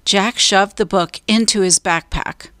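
A woman storyteller reading a children's book aloud, slow, clear and deliberate. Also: mid-range voice, fairly even intonation, fairly bright tone, dry recording, clean studio sound.

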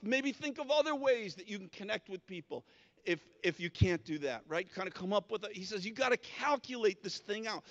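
A man's voice: sits high, a bit bright, big-room sound, dull audio. A male pastor delivering a conversational sermon, often restarting and repeating words as he talks. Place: church sanctuary.

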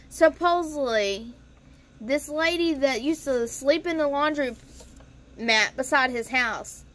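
Young woman vlogger with a high voice, chatty and profane, telling a story straight to camera. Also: fairly bright tone. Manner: chatty, profane, addresses viewers as guys. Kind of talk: casual storytime vlog.

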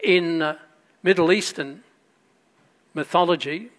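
A man delivers a sermon as pastor. His voice sits fairly high for a man. He tells the story with rising emphasis and drops into quieter asides. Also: slow pace.

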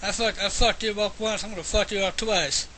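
A man commentating his own gameplay, swearing and taunting a boss character, breaking into yelled bursts. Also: sits high, steady tone, a little fast, slight background noise. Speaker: let's play gamer.

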